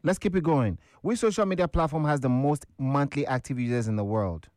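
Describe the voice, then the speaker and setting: A man's voice: medium pitch, brisk, a little mellow, no room sound, clean studio sound. A man with a Ghanaian accent hosting a casual, upbeat call-in quiz on the radio. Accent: Ghanaian English. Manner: casual, upbeat, chatty with callers.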